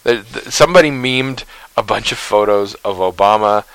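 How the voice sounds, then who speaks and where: A man's voice: lowish voice, normal speed, fairly bright tone, clear, resonant tone, dry recording, low-quality recording. A man co-hosting a podcast, chatting casually and telling rambling, tangent-filled stories. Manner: rambling, tangent-prone storyteller. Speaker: podcast co-host. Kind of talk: casual chat.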